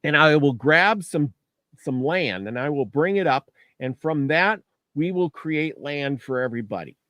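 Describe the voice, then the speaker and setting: A man's voice: fairly high pitch, animated, measured pace, sharp tone, dry recording, clean studio sound. A man voicing Nana Bush, a determined male culture hero in a spoken legend, in a plain, earnest way.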